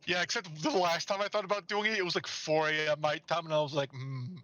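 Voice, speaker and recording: A man's voice: on the high side, steady tone, fast talker, sharp tone, no echo, highs cut off. A man in casual chat on a game stream, joking around with friends in profane banter over a voice call.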